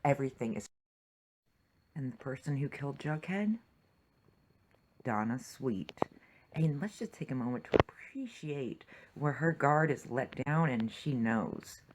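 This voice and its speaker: A man reacting to a TV episode in an emotional rant, swearing freely and crying out at each turn. His pitch sits mid-range, and a clear hiss runs under the home recording. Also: lively intonation, a little slow, low-quality recording. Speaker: TV reaction vlogger.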